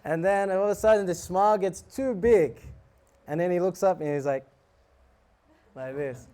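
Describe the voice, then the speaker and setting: A monk preaching who tells a lively story, acting out scenes and laughing. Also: male voice, high voice, normal speed. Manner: animated, laughing, acts out scenes. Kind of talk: storytelling sermon.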